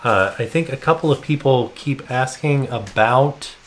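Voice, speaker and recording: A man's voice: mid-range voice, unhurried, slight background noise. A man co-hosting a vlog who chimes in casually with short, matter-of-fact remarks. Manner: brief, matter-of-fact interjections. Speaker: vlog co-host. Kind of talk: casual chat.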